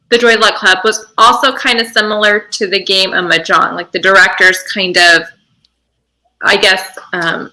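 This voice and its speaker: Bright woman co-host, hedging questions. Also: medium pitch, rough recording. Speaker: podcast co-host. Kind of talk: interview questions.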